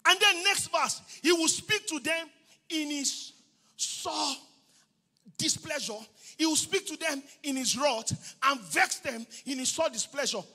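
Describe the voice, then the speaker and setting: A man preaching a sermon as pastor, exuberant, breaking into shouts and laughter. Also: very high-pitched, measured pace.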